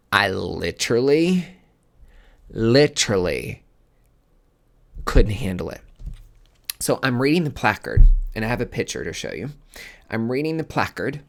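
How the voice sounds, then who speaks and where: A man's voice: on the low side, a bit bright. A man hosting a podcast, telling a personal story in a candid, casual way that grows emotional. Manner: candid, emotional, given to filler words and restarts. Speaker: podcast host.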